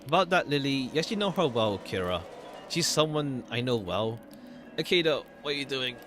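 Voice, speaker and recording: Male streamer, reads game lines aloud, expressive, mid pitch. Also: brisk, background noise. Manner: animated, switching between characters. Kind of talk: reading game dialogue aloud.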